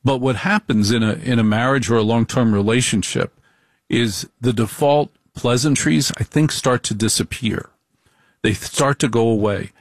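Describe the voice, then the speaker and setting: A middle-aged man giving a comic monologue in a deliberate, repetitive, wry way. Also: mid-range voice, no echo, clean studio sound.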